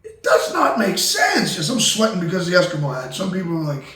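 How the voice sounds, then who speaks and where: Man, comedy talk show host, loud, excitable, cursing, high voice, echoey room. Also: a little fast. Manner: loud, excitable, cursing, swings between ranting and sentimental. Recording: echoey room, distant mic.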